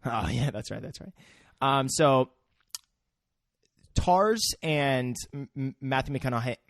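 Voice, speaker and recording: A man's voice: mid-range voice, expressive, slow pace, dry recording, studio quality. A man co-hosting a casual podcast, rambling through a film recap with lots of fillers and searching for words. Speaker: podcast co-host.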